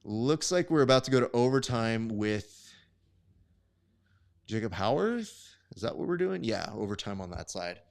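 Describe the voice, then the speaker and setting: A man's voice: medium pitch, big pitch swings, moderate pace, gravelly. A man hosting a live stream, calling grappling results and reading chat in a casual, profane, bantering way.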